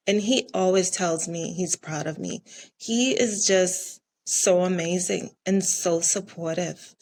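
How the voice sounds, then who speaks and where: A woman's voice: fairly low pitch, slow, darkish tone. A middle-aged woman from the Caribbean, a restaurant owner talking in a casual interview, earnest and repeating herself for emphasis.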